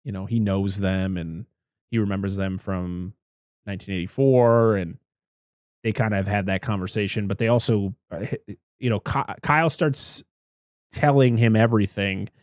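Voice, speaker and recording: A man's voice: fairly low pitch, moderate pace, a little mellow, no room sound, studio quality. A man in casual podcast chat, rambling through a movie recap, swearing freely and acting out the characters' lines.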